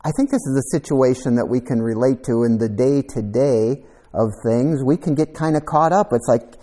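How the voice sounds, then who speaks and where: A man's voice: medium pitch, normal speed, warm tone. A man preaching a conversational sermon, reflective and thinking aloud, sometimes repeating a word as he goes. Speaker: pastor.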